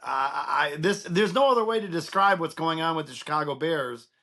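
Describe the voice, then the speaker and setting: A man hosting a casual sports podcast, dropping quick wisecracks. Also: on the high side, lively intonation, a bit bright. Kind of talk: casual chat.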